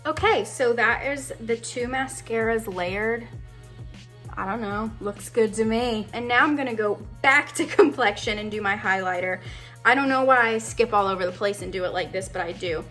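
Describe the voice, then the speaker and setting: A woman's voice: mid-range voice, a bit bright. A woman in her late twenties chatting casually through her makeup routine, bubbly and rambling with lots of fillers and asides. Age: late 20s. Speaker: beauty vlogger. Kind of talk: casual get-ready-with-me chat.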